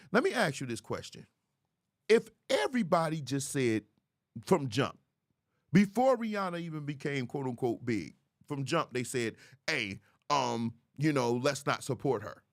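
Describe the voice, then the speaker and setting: Man, lively swooping delivery, dry close sound, casual commentary. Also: mid-range voice, no echo. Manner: animated, preachy, talks straight to viewers. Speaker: host.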